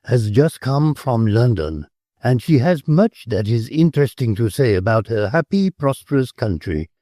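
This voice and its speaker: A man's voice: medium pitch, big pitch swings, normal speed, warm tone, no room sound, studio quality, natural voice. A man voicing an elegant count who speaks with formal, courteous phrasing. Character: elegant aristocratic count, polite but nervous uncle.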